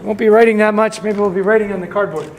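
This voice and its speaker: High-voiced man teaching a study class. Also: quick pace, crowd noise, background noise. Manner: relaxed, chatty teaching with fillers. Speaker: synagogue educator leading a class. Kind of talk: leading an adult study session. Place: synagogue classroom.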